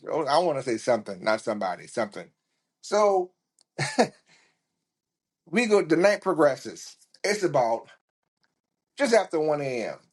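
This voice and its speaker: A man's voice: mid-range voice, slightly rough. Profane, laughing male podcast storyteller. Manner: animated and profane, laughing at his own story. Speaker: podcast host. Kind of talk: casual storytelling.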